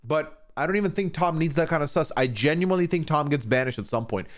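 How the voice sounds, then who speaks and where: A man's voice: a little high, fast talker. A man streaming a casual, opinionated recap of a reality show, swearing freely and acting out what people said. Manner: animated, swearing, acting out quoted lines.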